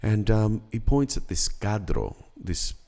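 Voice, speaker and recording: Low, gravelly middle-aged man. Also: animated, warm tone. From Australia. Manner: unhurried, reflective storyteller with many ums. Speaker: podcast guest. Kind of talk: storytelling in casual chat.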